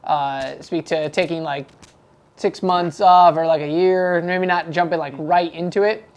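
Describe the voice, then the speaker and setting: A man's voice: on the high side, fairly even intonation, a little slow, clean tone. A man hosting a livestream, chatty and upbeat, introducing the guest. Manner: upbeat, chatty, laughs easily. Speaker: show host. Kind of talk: casual livestream chat. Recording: faint background noise.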